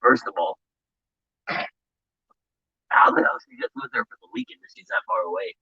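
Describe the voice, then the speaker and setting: Man, co-host, gravelly, sharp tone, deadpan, blunt, muffled dry recording. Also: mid-range voice, moderate pace, no room sound. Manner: blunt, deadpan, calls others brother. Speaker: podcast co-host. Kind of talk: casual podcast banter.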